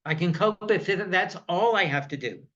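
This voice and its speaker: Bright-voiced male workshop presenter. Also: sits high, normal speed. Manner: relaxed, conversational delivery. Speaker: presenter on caregiver stress. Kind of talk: workshop talk illustrated with comic strips. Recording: slightly muffled recording.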